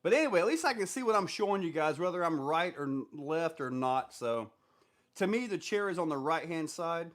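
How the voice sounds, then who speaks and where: A man's voice: fairly high pitch, animated, brisk. A man hosting a casual live stream, reading viewer comments aloud and answering them in a loose, rambling way with lots of fillers. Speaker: livestream host answering viewer questions.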